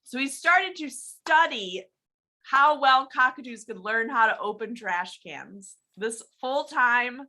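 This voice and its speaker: A woman's voice: on the high side, expressive, slow pace, bright, forceful tone. A woman co-hosting a podcast, casually telling a news story and laughing often. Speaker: podcast co-host. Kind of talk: casual chat.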